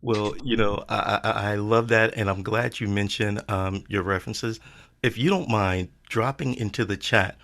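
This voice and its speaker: A man hosting a casual interview, relaxed and joking, who speaks to the viewers directly. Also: on the low side, moderate pace. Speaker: show host.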